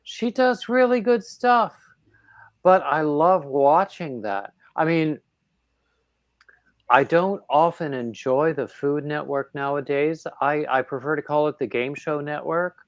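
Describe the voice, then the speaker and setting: A man's voice: fairly high pitch, slow pace, no room sound. A man hosting a casual livestream chat, rambling, with lots of fillers and restarts. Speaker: livestream host.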